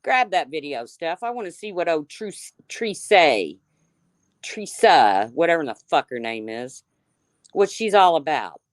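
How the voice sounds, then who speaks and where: A woman's voice: low-pitched, sing-song, unhurried, no room sound, clean studio sound. A woman hosting a livestream, ranting heatedly with lots of swearing and calling out chat viewers by name. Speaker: livestream host.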